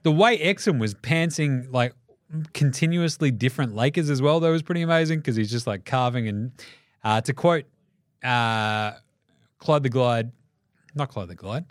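An Australian man hosting a casual sports podcast, swearing freely and telling animated stories. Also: medium pitch, moderate pace, no echo, clean studio sound. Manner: swearing, laughing, animated storytelling. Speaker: podcast host.

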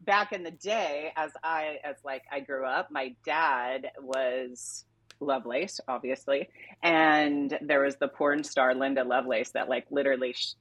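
A woman with a notably low voice tells stories in a relaxed, chatty way, often laughing as she goes. She sounds like a young adult guest on a casual podcast. The sound is close and dry. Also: measured pace, no echo. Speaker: sex educator guest.

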